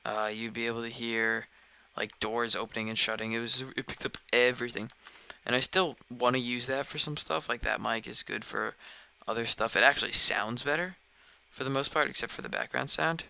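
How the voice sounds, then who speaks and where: A medium-pitched man streams a game from home, rambling in casual talk and frequently losing his thread mid-sentence. His delivery is brisk with fairly even intonation, vocal fry, and a pushed, bright yet smooth quality. He uses a dedicated desk mic, and the recording is rough.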